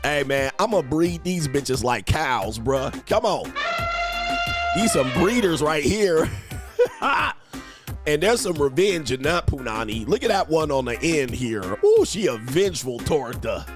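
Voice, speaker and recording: A man's voice: a little high, big pitch swings, a little slow, music in the background. A man hosting a livestream as a coach, talking in a brash, mocking, profane way. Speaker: dating and lifestyle coach, livestream host. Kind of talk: unscripted livestream commentary.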